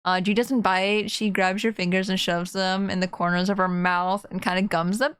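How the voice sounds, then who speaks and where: A woman's voice: mid-range voice, level tone, moderate pace, few pauses, clean tone, no room sound, studio quality. A young woman streaming a game, chatting casually and giggling, with lots of "like" fillers. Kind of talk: casual gaming stream chat.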